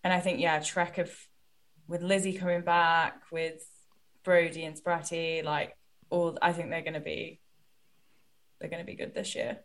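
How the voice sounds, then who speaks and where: A woman's voice: sits low, level tone, unhurried, pauses often. A woman co-hosting a podcast, chatting in a friendly, loose way with her guest. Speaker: podcast co-host. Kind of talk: casual podcast chat.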